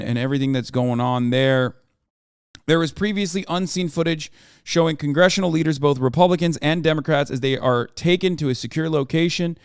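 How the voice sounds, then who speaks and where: A man's voice: on the high side, clear, resonant tone, dry recording, studio quality. A man in his thirties giving casual, profane live-stream commentary on the news and reacting to his chat. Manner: brash, profane, riffing on chat.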